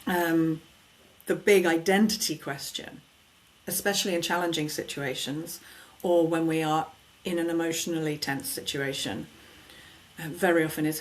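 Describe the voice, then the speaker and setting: A woman, a vocal coach, talking in a podcast conversation, expressive and emphatic as she acts out questions people ask themselves. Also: deep voice, moderate pace. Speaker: vocal coach and sound healer.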